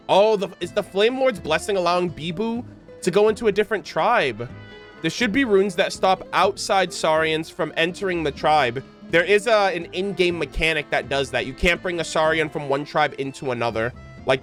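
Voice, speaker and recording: A man's voice: on the high side, expressive, normal speed, a bit bright, faint music behind. A man streaming a game, reading its dialogue aloud with playful commentary, often laughing and stumbling over words.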